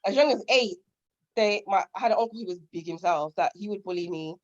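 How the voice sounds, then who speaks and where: In a casual interview chat, a woman guest candidly tells stories from her life and acts out what her relatives said. Her mid-range voice is brisk, and the audio sounds dull.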